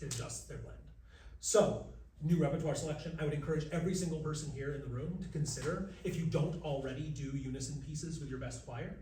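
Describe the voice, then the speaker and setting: A man leading a live masterclass for vocal coaches, lively and jokey, breaking into sung examples. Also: mid-range voice, recorded from a distance, slight background noise. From United States. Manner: lively, jokey, demonstrates by singing. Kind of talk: live workshop talk. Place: large room with an audience. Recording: roomy, from across the room.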